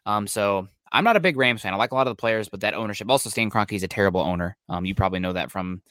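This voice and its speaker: A man with a somewhat low but bright, forceful voice, recorded dry and close. He talks football fast and analytically, packing in jargon between fillers, in casual podcast chat. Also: dry recording. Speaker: podcast co-host. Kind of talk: casual sports talk. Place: Seattle area.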